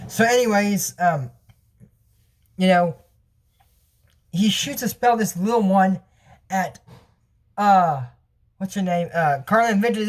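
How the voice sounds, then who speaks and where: Excitable man rambling through a cartoon recap. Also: a little slow, long pauses. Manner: rambling, excitable, acts out characters' lines with jumps in pitch. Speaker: episode recap commentator. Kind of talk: casual cartoon episode recap.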